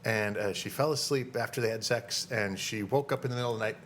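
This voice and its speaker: A man's voice: fairly low pitch, quick pace, fairly bright tone, slight background noise. A man from Minnesota in a casual podcast chat, telling stories with dry jokes. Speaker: podcast co-host.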